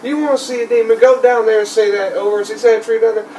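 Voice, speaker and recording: Guy putting on old redneck tour guide, kinda high, bit far from the mic. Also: steady tone, fast talker, a little mellow, close to an everyday voice. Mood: spooky folksy. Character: old backwoods male tour guide, folksy. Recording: slightly distant mic, faint noise.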